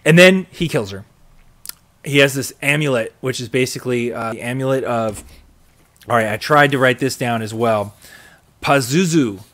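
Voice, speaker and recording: A man hosting a podcast, recapping a TV episode in a chatty, excitable way with many fillers. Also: medium pitch, normal speed. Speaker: podcast host.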